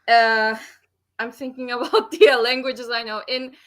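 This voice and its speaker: Casting: high, bright female voice, hesitant and giggly, casual podcast co-host. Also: steady tone, moderate pace. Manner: hesitant, giggly, many fillers.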